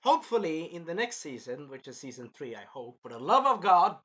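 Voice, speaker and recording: A man's voice: a little high, sing-song, brisk, few pauses, a bit bright. A man giving a casual episode review, rambling, repeating himself and swearing. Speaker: show reviewer.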